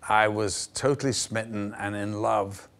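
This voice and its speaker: Older man telling lively anecdotes. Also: lowish voice, a little slow, vocal fry. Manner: lively raconteur who acts out the voices in his stories. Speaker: actor guest. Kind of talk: anecdotal interview storytelling. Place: television studio.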